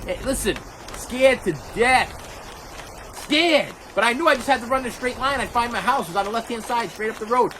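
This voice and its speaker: A middle-aged man telling a childhood story as an animated rant, repeating himself and acting out the scenes. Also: extremely high pitch, very fast, hardly any pauses, noisy background. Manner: animated, repetitive, acts out scenes. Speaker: vlogger.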